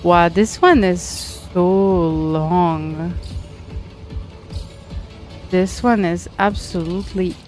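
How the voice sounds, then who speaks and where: Faint music backs this woman's lowish, somewhat mellow voice, which moves extremely slowly with long pauses. She's French, with a French accent, and chats casually and talkatively with her game-stream viewers, giggling and greeting them by name.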